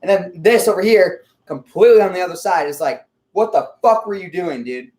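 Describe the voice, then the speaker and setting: A man rambling in a casual monologue, swearing a lot, full of fillers and frequent throat clearing. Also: high-pitched, fairly quick, a little mellow. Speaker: vlogger.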